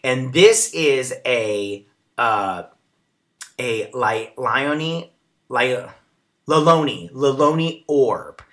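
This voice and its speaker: A man's voice: mid-range voice, lively intonation, very slow, fairly bright tone. A man hosting a casual episode recap and review, chatty and rambling with lots of fillers. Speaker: show recap host.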